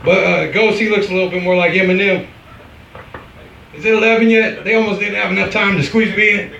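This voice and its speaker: A brash man from the Midwest working through an open mic stand-up set, his voice high and bright. He is heard from far off in an echoey bar with faint room noise. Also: fairly even intonation, fairly quick, creaky, highs cut off. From American Midwest. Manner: brash, punchline-driven delivery. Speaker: stand-up comedian.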